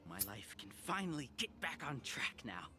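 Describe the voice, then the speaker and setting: A man's voice: medium pitch, very animated, normal speed, pushed and bright, slight background noise. An actor voicing a grateful, earnest townsman in a game who speaks sincerely with an odd edge. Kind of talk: game character voice.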